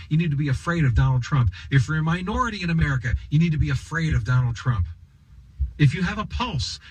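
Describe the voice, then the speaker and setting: A man's voice: on the high side, a little mellow, slightly rough, low-quality recording. A man giving an opinion monologue as a political commentator, sarcastic and emphatic, firing off rhetorical questions.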